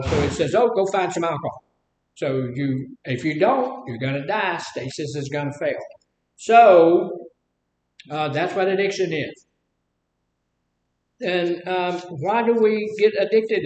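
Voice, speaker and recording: A man's voice: fairly high pitch, roomy sound, low-quality recording. A man from Mississippi with a Southern accent, giving a folksy, conversational recovery talk full of rhetorical questions. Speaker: addiction recovery speaker.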